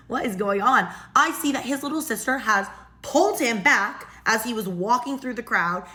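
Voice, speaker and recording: A woman telling a story to her camera in an animated, exasperated way. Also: a little high. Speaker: storytime vlogger. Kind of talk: casual storytelling.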